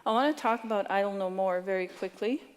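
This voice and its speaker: Earnest woman speaking in a hall. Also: mid-range voice. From Canada. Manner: brisk, earnest, occasionally stumbling. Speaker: activist speaker. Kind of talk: conference talk. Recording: long hall reverb.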